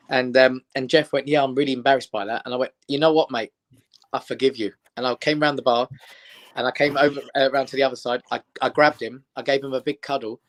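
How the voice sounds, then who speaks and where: A middle-aged man, a comedian telling stories in casual chat and acting out the people in them. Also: medium pitch. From England. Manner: animated anecdotes, acts out quoted voices. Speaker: comedian guest.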